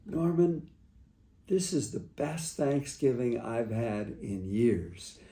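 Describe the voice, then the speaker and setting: A man's voice: medium pitch, lively intonation, measured pace. A man voicing his strong-willed elderly mother, plainspoken and insistent, in an echoey room. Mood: tender.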